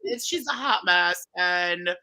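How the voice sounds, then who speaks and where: A man's voice: high-pitched, lively intonation, slow pace, bright, forceful tone, poor audio. A man on a podcast panel, talking in a campy, dramatic, sassy way in casual chat.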